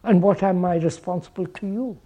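A man's voice: high voice, fairly quick, mellow. A man giving a reflective public talk to an audience, posing questions and repeating phrases, often checking with "right?". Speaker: speaker addressing an audience.

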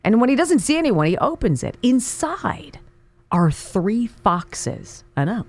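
A woman's voice: fairly high pitch, very animated, a little slow, darkish tone. Giggly woman host reading jokes. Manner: laughs often, stumbles while reading cold. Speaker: radio talk show host. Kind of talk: reading jokes on air, casual banter.

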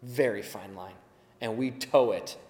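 A man's voice: lowish voice, a little slow, mellow. A man preaching a sermon in an earnest, emphatic way, now and then acting out the voices he quotes. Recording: echoey hall with long reverb.

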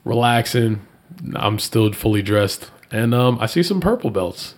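A man in a casual chat, telling a story and voicing the people in it, leaping up in pitch when he quotes them. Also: measured pace. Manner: animated, jumps high when quoting people.

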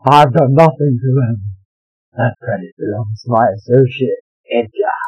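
A man voicing a smug, calm male villain in a comedic dramatic reading of fan fiction, loud and mock-grand. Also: mid-range voice, moderate pace, slightly rough, no echo, muffled recording. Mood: smug menace.

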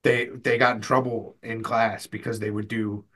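A man's voice: fairly low pitch, normal speed. A man co-hosting a podcast, chatting casually, swearing and telling stories. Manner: swearing, storytelling, animated. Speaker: podcast co-host. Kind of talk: casual chat.

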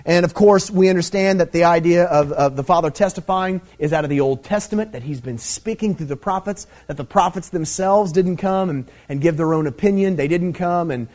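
A man's voice: high-pitched, brisk, few pauses, darkish tone. A middle-aged man preaching a Bible teaching sermon in a conversational way, with many fillers, swelling into emphatic stresses.

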